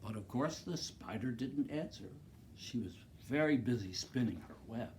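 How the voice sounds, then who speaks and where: A man reading a picture book aloud to second graders, expressive and talking to the children directly about the pictures. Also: mid-range voice, moderate pace, a little hiss or hum. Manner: expressive, makes loud animal noises.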